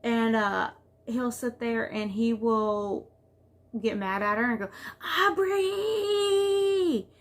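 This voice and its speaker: A woman's voice: mid-range voice, little pitch movement, slow. A woman vlogging as a mother, talking casually and venting in a rambling way with lots of "like.". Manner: rambling, venting, heavy use of "like". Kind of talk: casual confessional vlog talk.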